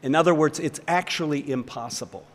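A man's voice: a little high, a little fast. Older guy prof in a lecture hall, rambly and thoughtful, voice hangs in the room. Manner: thoughtful, rambling with restarts and chuckles. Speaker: seminary professor. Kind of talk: lecture with audience questions.

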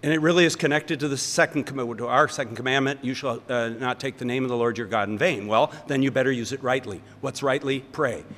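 A man's voice: mid-range voice, fairly quick, hardly any pauses, a bit bright, in a large hall. An older man teaching a seminar, talking in a thoughtful, rambling way with restarts and chuckles. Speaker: seminary professor. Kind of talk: lecture with audience questions. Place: lecture hall.

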